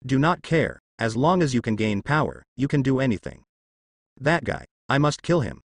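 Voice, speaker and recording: Man reading a young vengeful ninja, cold determined muttering, varied pitch. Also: big pitch swings, normal speed, creaky, dry recording, clean studio sound. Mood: grim. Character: young vengeful ninja, boy turned girl.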